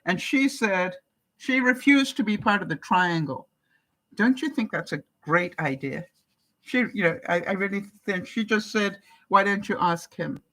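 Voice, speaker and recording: A woman's voice: medium pitch, expressive, unhurried, fairly bright tone, poor audio. An older woman from Canada, a vlogger chatting casually as she reads out viewer comments, laughing often and asking her viewers questions. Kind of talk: casual live-chat talk.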